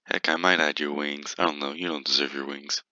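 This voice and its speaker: A man's voice: extremely low pitch, fairly even intonation, brisk, sharp tone, no room sound. A man giving playful, teasing gameplay commentary, giggling and humming to himself as he plays. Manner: teasing, giggly, mutters and hums while playing. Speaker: gaming video creator. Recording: dull lo-fi, dry.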